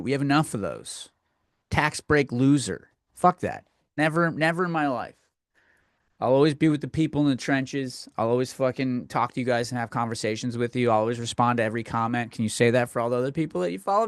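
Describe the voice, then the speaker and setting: A man's voice: a little high, no room sound. Profane ranting man, dry close mic. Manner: profane, blunt, rambling with restarts. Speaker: podcast host. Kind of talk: solo rant podcast.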